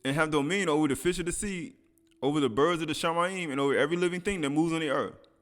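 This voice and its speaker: A man's voice: a little high, fast. A man preaching a sermon, reading scripture aloud and commenting in casual speech with laughs.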